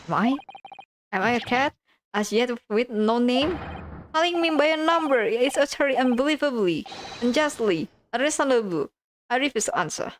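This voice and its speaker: A woman's voice: fairly high pitch, animated, moderate pace, a little hiss or hum, voice pushed up, natural voice. A woman voicing a paranoid, theatrical young male student poet who speaks in melodramatic, alliterative outbursts, over game music. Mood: indignant.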